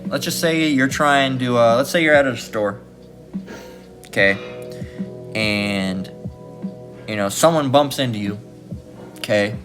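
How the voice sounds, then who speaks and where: With music playing behind him, a man in the mid-range speaks slowly and pauses often. He's a Bible teacher in a casual sermon, teaching from scripture in an informal, repetitive way and repeatedly checking in with "okay?" and "all right?".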